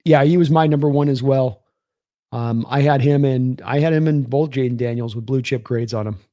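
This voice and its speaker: Young male sports streamer, casual rambling chat, dark mellow voice, mid pitch. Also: moderate pace, no room sound. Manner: rambling, thanks viewers by name, reads chat aloud. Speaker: sports livestream host. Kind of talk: casual live-stream football talk.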